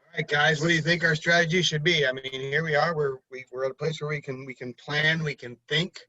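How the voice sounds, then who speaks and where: A man with a bright, tense, fairly high voice talks strategy at the table, joking and restarting his sentences as he thinks. His audio is dry and a bit dull, as from a basic home mic. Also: steady tone, brisk, dry recording. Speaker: player. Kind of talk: casual tabletop play.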